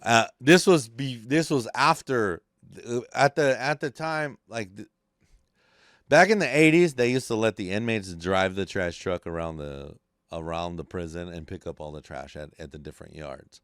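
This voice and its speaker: A man's voice: on the low side, normal speed, a bit bright, dry recording, clean studio sound. A man hosting a podcast, telling a story in casual chat, profane and rambling. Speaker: podcast host.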